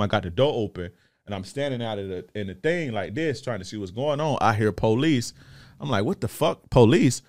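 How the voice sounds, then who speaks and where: A man telling a story on his podcast in animated, profane casual style, acting out what people said. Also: fairly low pitch, no room sound, clean studio sound. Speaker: podcast host.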